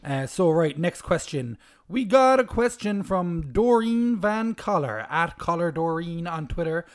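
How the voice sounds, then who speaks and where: A man's voice: sits high, expressive, unhurried. A young man co-hosting a podcast in casual chat, swearing freely and laughing often. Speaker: podcast co-host.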